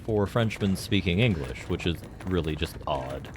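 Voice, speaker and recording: A man's voice: deep voice, expressive, moderate pace, background noise. A man streamer giving casual live gameplay commentary, rambling and joking with lots of fillers. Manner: rambling and jokey, heavy on fillers.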